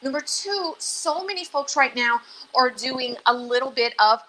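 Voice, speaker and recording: This woman's voice sits high, animated and sharp, at an unhurried pace, with a bit of hiss or hum on a rough recording. She's a dietitian from Louisiana leading a live cooking demonstration, nervous but upbeat, chatty and self-deprecating.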